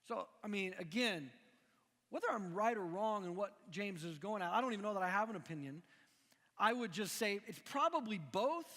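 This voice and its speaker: A middle-aged man from Missouri preaching a conversational sermon, animated and full of restarts. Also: high voice. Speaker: pastor. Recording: long echoing hall reverb.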